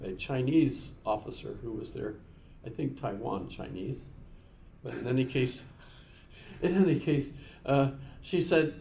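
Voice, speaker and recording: A man's voice: medium pitch, lively intonation, unhurried, vocal fry, warm tone, slight background noise. A male instructor chatting casually with his class, rambling through an anecdote with many restarts and repeated words, and fond of puns.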